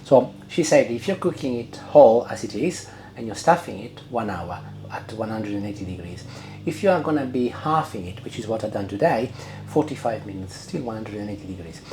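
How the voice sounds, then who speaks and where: A man's voice: fairly low pitch, animated, brisk, mellow, a little hiss or hum. A man hosting his cooking channel, chatting casually to camera with lots of "uh" fillers while he cooks and tastes in a home kitchen.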